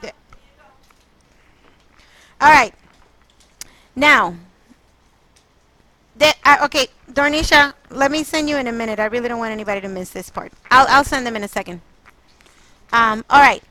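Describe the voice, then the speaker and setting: A woman's voice: on the high side, moderate pace, pauses often, bright, forceful tone, dry recording, rough recording. A woman math teacher leading a classroom lesson, quizzing her students and coaxing answers out of them. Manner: coaxing, quizzing students, exasperated then apologetic.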